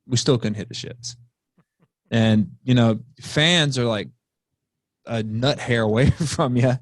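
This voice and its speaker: A man, a high school football coach, talking bluntly and swearing freely as a podcast guest over a remote call. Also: dry recording, studio quality. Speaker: football offensive coordinator, guest. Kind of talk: casual podcast chat.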